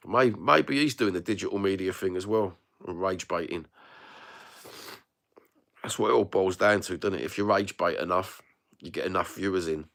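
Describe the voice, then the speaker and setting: A middle-aged man with a London accent, talking in a very low voice. He rants casually to his viewers, blunt, slangy and full of swearing, the way someone talks on a phone livestream. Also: a bit bright. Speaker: livestream host reading chat. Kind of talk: casual live-chat rant.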